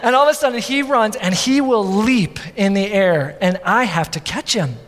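A man in his thirties preaching a sermon as pastor, animated, with many repeats and asides. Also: high-pitched, normal speed. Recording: long hall reverb.

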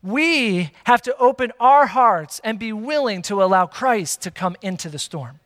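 A man preaching a sermon to a congregation, lively and emphatic, with playful asides. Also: high-pitched, unhurried. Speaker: pastor. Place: church hall with long reverb. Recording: reverberant church hall.

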